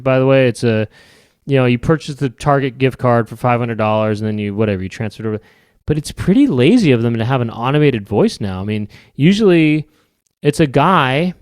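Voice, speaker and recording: Male podcast host, wry casual rambling, mid-pitched, dry close sound. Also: no echo. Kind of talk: casual comedic monologue.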